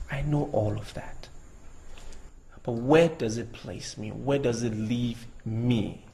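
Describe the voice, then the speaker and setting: A man's voice: medium pitch, gravelly, darkish tone, a little hiss or hum, rough recording. An actor with a Nigerian accent playing a grown son who questions his father's motives. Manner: earnest, questioning.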